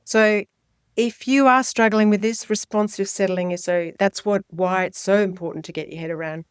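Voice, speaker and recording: A middle-aged woman, a child health nurse and midwife, giving clear, lively parenting advice in a podcast interview. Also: medium pitch, moderate pace, no room sound, studio quality. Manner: explanatory, lively when voicing babies and parents.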